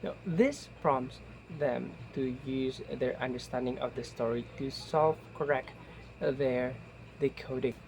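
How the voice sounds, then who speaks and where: A young man giving a class report presentation, with a slow, halting delivery full of fillers and restarts. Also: mid-range voice, gravelly, darkish tone, a little hiss or hum, low-quality recording. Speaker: student presenter.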